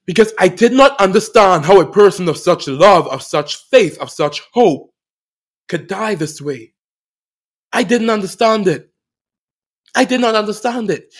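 A man hosting a podcast, telling a personal story of loss in an emotional, halting way, often repeating phrases, with earnest faith. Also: on the high side. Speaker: podcast host.

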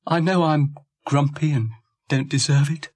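A man's voice: on the high side, steady tone, a little slow, a little mellow, husky, no echo, voice pushed up. A man voicing a grumpy, self-pitying male dog in a storybook recording, with a whiny, wheedling way of talking. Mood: sulky.

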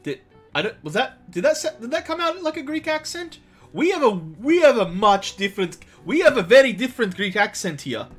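Male streamer, animated, chatty, jokey, stumbles over words, faint music behind. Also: very high-pitched, brisk, breathy edge. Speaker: let's play streamer. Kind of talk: casual game commentary.

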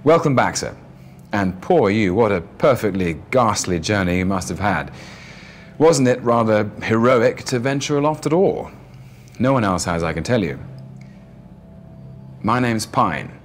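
A man voicing a polished, deferential hotel night manager who speaks in a smooth, overly courteous murmur. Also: on the low side, lively intonation, unhurried, long pauses, slight background noise.

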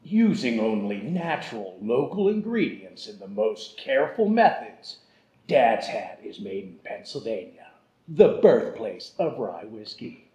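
A man's voice: fairly low pitch, big pitch swings, a little slow, warm tone, echoey room, poor audio. A man voicing a male movie-trailer announcer in a dramatic, sweeping style. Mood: grandiose.

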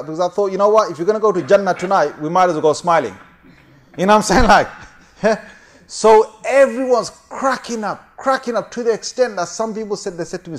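A man preaching a sermon as a lively story. He often laughs, swings his voice up and down, and keeps checking with his listeners. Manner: animated, laughing often, big swings in pitch and loudness; chatty, asks the audience for agreement.

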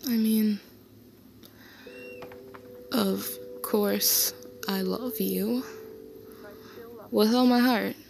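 A woman's voice: mid-range voice, steady tone, gravelly, noisy background. A woman playing Kita, a tender boyfriend. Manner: tender, unhurried and reassuring. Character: affectionate young man soothing his partner to sleep. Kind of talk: soft comfort role-play to the listener.

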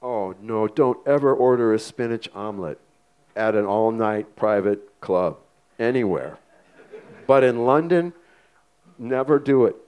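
An older man telling a comic anecdote on stage in a small theater, animated and acting out the voices. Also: lowish voice, measured pace, pauses often, clear, resonant tone, dull audio. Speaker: guest storyteller. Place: small museum theater before an audience.

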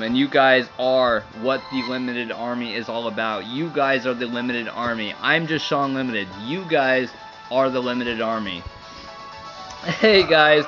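A young man livestreaming, crying and laughing as he thanks viewers for their support. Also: mid-range voice. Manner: overjoyed, laughing and tearful, breathless thanks. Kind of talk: excited livestream commentary. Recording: dull lo-fi stream audio with faint music.

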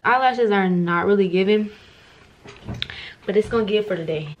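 A woman's voice: medium pitch, normal speed, dull audio, slight background noise. Profane young woman doing a chatty get-ready vlog. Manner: casual, profane, self-mocking, talks to viewers while getting ready. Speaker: vlogger.

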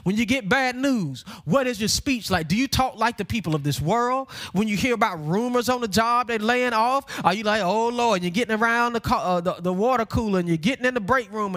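A male pastor with a Southern country twang, preaching a sermon that builds to shouted emphasis and addresses the congregation as "y'all". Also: very high-pitched.

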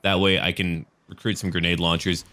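Laid-back low-voiced American gamer. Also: male voice, level tone, brisk, bright, forceful tone. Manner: laid-back, chatty, jokey, swears casually. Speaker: gaming let's-play host. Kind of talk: casual game commentary.

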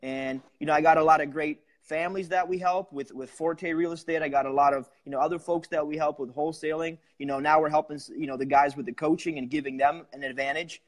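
A man talking in a casual interview, energetic and upbeat, with a raised excited tone. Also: fairly high pitch, fast, few pauses. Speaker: wholesaler and coaching student.

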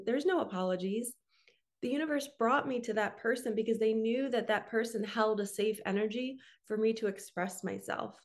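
A middle-aged woman speaking as a spiritual coach in a casual, earnest talk to camera. She chats freely and keeps adding "okay?" and "right?". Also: medium pitch. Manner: earnest, chatty, often adds "okay?" and "right?".

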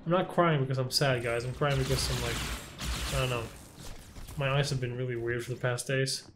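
A man's voice: mid-range voice, steady tone, brisk, background noise. A young man commentating his first playthrough of a shooter game, jumpy and swearing often, yelping when startled. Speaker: gameplay streamer.

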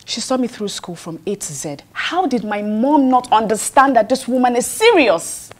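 A woman's voice: a little high, animated, normal speed. A young woman with a Nigerian accent playing a distressed daughter who talks earnestly and with exasperation. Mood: exasperated. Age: young adult.

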